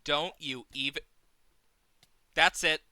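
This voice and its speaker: A man's voice: a little high, takes it slowly, sharp tone. A man streaming a game live, talking to himself with exasperated running commentary, swearing at the game and counting under his breath into a desk mic.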